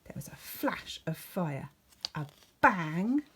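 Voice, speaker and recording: Teacher reading to young children: sing-song, playful, unhurried, slightly husky woman's voice. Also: lowish voice. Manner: expressive, playful storytelling with whispered asides. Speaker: primary school teacher. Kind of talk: reading a picture book aloud to children.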